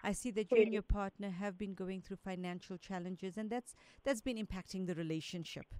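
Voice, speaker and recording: A woman's voice: medium pitch, a little fast, a little mellow. A woman giving psychic readings to radio callers, speaking in a direct, reassuring way and relaying messages as quotes. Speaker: resident psychic medium.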